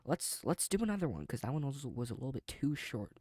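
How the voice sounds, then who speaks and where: A man's voice: medium pitch, sing-song, fast talker, darkish tone, dry recording. A man in a casual reaction video reads online posts aloud in a mid-range voice, then breaks off to comment and chuckle. The sound is close and dry, with no room around it.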